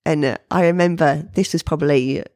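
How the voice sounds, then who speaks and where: A middle-aged woman, an artist telling stories of her career in a casual interview, animated and leaping up in pitch when she quotes people. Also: a little fast, no echo, studio quality. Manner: animated, jumps high when quoting people. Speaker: painter being interviewed.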